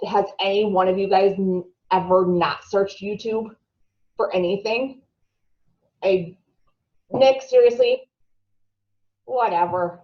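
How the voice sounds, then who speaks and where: A woman leads a marketing training in a room full of trainees. She talks in a chatty way, throws questions out to the group and sometimes trips over a word. The recording is dull and lo-fi. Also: mid-range voice. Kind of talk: live training talk to a group.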